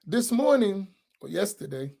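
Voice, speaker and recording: A man's voice: high voice, very animated, measured pace, gravelly, warm tone. A man, an imam giving an informal religious class, who talks in a conversational way, keeps checking in with his listeners and repeats key points for emphasis.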